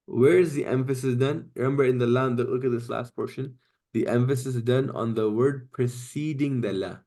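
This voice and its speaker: A man's voice: medium pitch, moderate pace, dark tone. A man teaching an online class, explaining step by step and often checking in with "right?" and "okay?". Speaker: Quranic Arabic teacher.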